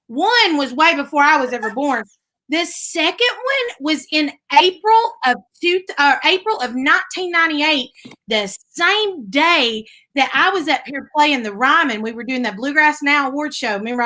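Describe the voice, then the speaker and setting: Animated Southern woman telling stories. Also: sits high, rough recording. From Tennessee. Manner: animated storyteller, folksy Southern phrasing. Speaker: guest musician. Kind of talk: casual chat.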